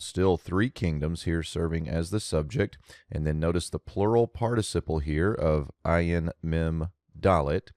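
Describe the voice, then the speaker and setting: A man's voice: low-pitched, darkish tone, dry recording, studio quality. A man giving a methodical verse-by-verse Biblical Hebrew grammar lesson, explaining as he goes and thinking aloud.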